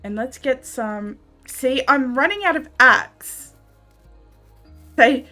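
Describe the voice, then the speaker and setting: A woman's voice: high voice, expressive, slow pace, long pauses, pushed and bright, soft background music. A young Australian woman chatting casually with her viewers while gaming on a livestream, laughing often and reading out chat messages. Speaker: streamer.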